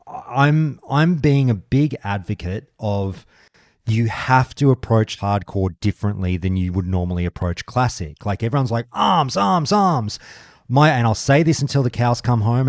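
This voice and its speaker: Male podcast host, mid pitch, heated ranter, dry close mic. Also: a little mellow, no echo. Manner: ranting, swears a lot, gets heated. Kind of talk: casual podcast chat.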